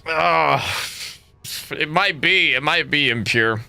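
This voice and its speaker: A man's voice: a little high, takes it slowly, creaky, sharp tone, smooth, dry recording. A young man streaming a game, chatting casually with viewers in a rambling, profane way that keeps breaking into laughter. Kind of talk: casual livestream chat.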